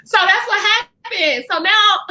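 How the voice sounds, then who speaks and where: Woman, podcast guest; high, bright voice; animated storyteller in casual chat. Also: slow pace. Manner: animated, vents to listeners as "y'all".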